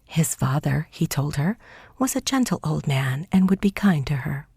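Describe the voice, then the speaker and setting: A woman narrating a folk tale audiobook in a soft, hushed, scripted reading. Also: sits low, very animated, moderate pace, creaky, husky, no room sound, clean studio sound.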